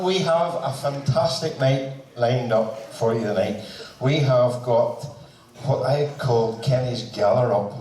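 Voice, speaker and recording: A man's voice: mid-range voice, animated, unhurried, darkish tone. A man with a Northern Irish accent compering a band concert, chatty and teasing as he tells stories between introductions. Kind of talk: joking stage introductions. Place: concert hall. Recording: echoey hall from far off.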